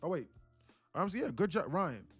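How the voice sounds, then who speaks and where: A man coaching viewers live in a blunt, casual way, swearing freely and calling out to his audience again and again. His voice sits fairly high for a man. Soft music plays faintly behind him. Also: big pitch swings, normal speed, breathy edge. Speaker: day trading streamer. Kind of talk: live-stream coaching talk.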